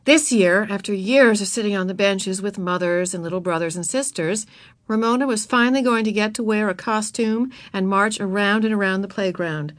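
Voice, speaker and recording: A woman's voice: mid-range voice, moderate pace, no room sound. A woman reading a children's chapter book aloud, narrating expressively and voicing the characters.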